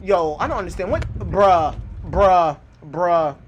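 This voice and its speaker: A man hosting a reaction video, talking casually and yelling excitedly at what he watches. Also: sits high, slow pace, muffled recording, slight background noise. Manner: excitable, yells at the clips, heavy swearing. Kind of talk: casual profane reaction commentary.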